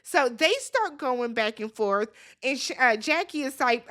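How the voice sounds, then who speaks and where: A woman with a somewhat high voice talks through an episode recap in a loose, casual way. She retells scenes as she goes and is blunt, even swearing now and then. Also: a little slow, hardly any pauses. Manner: chatty retelling, quotes people in their voices, blunt swearing. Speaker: recap vlogger.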